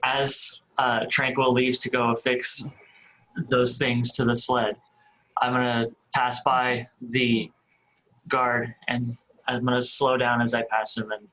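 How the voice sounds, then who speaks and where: A man's voice: mid-range voice, flat delivery, slow, sharp tone, rough recording. A man speaking casually as a player in a tabletop game, hesitant with fillers.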